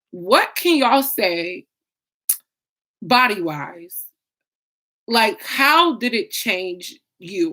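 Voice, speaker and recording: Chatty young woman on a livestream. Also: medium pitch. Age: young adult. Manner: chatty and expressive, reacting loudly to comments. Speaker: YouTube live streamer. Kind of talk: casual livestream chat reading comments.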